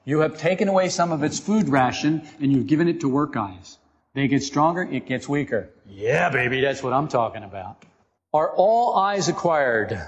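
A man giving an informal spiritual talk to a group, animated and joking, often asking his listeners questions. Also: fairly high pitch, moderate pace. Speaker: esoteric teacher. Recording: dull lo-fi recording in a reverberant room.

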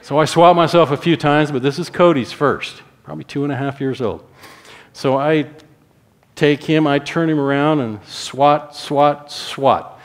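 A man's voice: a little high, measured pace. A middle-aged man preaching a sermon as pastor, telling a family story and acting out his own stern words to his child.

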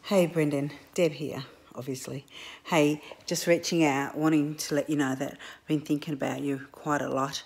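A woman with a very low, husky voice speaks gently. Her tone is caring and sincere, recorded as a personal video message of support. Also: steady tone, normal speed.

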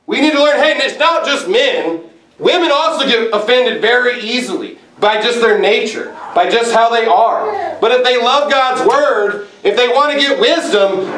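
High-voiced forceful man preaching. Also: reverberant, distant mic, low-quality recording. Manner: forceful, rising to shouts and mocking impressions. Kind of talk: sermon. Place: church sanctuary.

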